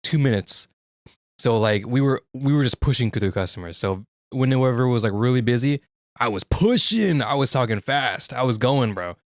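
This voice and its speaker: A man's voice: mid-range voice, normal speed, no room sound, studio quality. A young man streaming in casual chat, frank and profane, often restarting his sentences.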